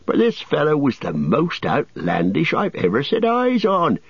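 Hearty rustic hobbit farmer, loud and swooping; male reader doing the voice, husky tone. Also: fairly high pitch, wildly swooping pitch, unhurried, dry recording, highs cut off, pitched above the performer's own voice, exaggerated voice. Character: gruff country hobbit farmer, suspicious then hearty.

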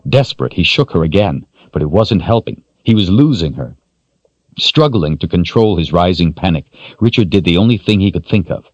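A man narrating an audiobook in a measured, expressive storytelling manner. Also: low-pitched, no echo, dull audio. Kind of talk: scripted narration.

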